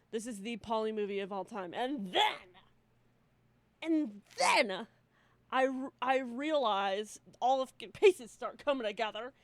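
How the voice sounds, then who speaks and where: A young woman co-hosting a casual podcast, telling stories in an animated way, with plenty of swearing and laughter. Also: fairly high pitch, no echo. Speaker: podcast co-host. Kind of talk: casual chat.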